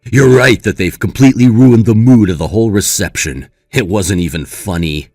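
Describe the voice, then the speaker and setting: A man's voice: lowish voice, moderate pace, vocal fry, darkish tone, no echo, faint music behind. A man as a caring, sympathetic brother. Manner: sympathetic, reassuring. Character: caring young brother, supportive and indignant.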